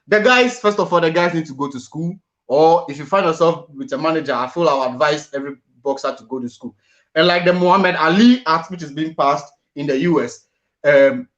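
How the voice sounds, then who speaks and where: A man's voice: on the high side, a bit bright. Male host, earnest, repeats and restarts words, muffled lo-fi sound. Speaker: boxing show host. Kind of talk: panel discussion on boxing.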